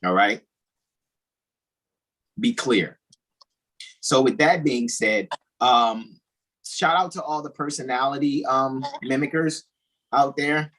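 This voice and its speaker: A man's voice: medium pitch, slow pace, long pauses, fairly bright tone, rough recording. A man hosting a casual podcast, talking in an emphatic, preachy way and often repeating "all righty". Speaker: host.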